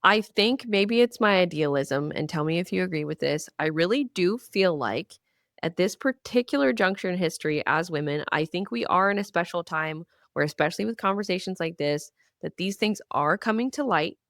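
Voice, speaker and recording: A woman with a somewhat low voice hosting a conversational interview. She affirms her guest and thinks aloud, with an idealistic turn to her words. The recording is dry and close, with no room sound. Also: animated, moderate pace, a bit bright, dry recording. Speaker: podcast host.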